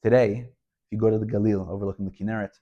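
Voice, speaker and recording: A rabbi teaches a Torah lesson, telling stories emphatically and pressing rhetorical questions. His voice sits on the low side with a steady tone and a quick pace. The recording is lo-fi.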